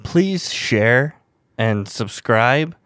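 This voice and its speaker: A man's voice: medium pitch, expressive, extremely slow, fairly bright tone, no room sound, clean studio sound. A man co-hosting a podcast in casual chat, playful and teasing. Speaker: podcast co-host.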